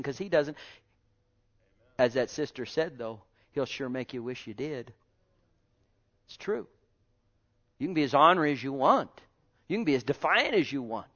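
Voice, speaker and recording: A man preaching a sermon, swinging between loud exclaiming and quiet asides and calling out to his congregation. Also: a little high, dull audio. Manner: calls out to the congregation.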